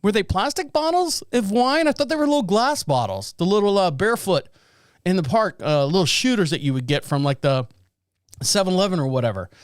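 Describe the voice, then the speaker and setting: Male podcast host, high smooth voice, dry close sound, sarcastic rambling news riffs. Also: expressive, fairly quick, dry recording. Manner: sarcastic, rambling, laughs at own jokes. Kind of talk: casual news commentary.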